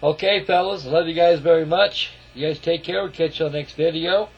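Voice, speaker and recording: A man's voice: a little high, steady tone, a little fast, husky. A man casually narrating a walk-around of his scale model, folksy and rambling, calling his viewers folks. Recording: lo-fi camera audio.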